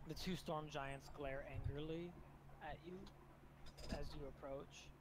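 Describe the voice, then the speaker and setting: Male game master narrating a tabletop game, slightly high pitch, descriptive and halting, noisy recording. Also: steady tone. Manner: descriptive, hesitant restarts. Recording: noisy background hiss.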